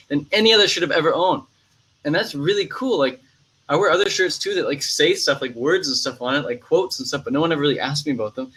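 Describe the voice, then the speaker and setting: A young man talking in a relaxed, slangy way, filling his speech with "like" and "man" as he shares his thoughts. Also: on the high side, quick pace, breathy edge, rough recording. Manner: laid-back, slangy, full of "like" and "man". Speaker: vlogger. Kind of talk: casual chat.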